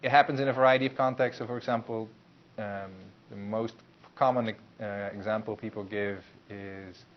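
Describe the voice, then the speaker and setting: A man's voice: fairly low pitch, steady tone, normal speed, few pauses. A man lecturing a university class in a loose, conversational way, with many fillers and restarts. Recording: muffled lecture recording with faint hiss.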